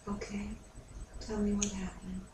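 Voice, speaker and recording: A woman therapist guiding a therapy session with soft-spoken, short, calm prompts. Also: medium pitch, unhurried. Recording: echoey room, distant mic, background noise.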